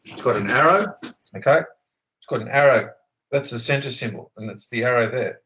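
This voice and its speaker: A man's voice: medium pitch, expressive, brisk, fairly bright tone, low-quality recording. A man talking with passion on a video call, swearing often and preaching his views. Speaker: channel host. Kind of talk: impassioned conversational rant.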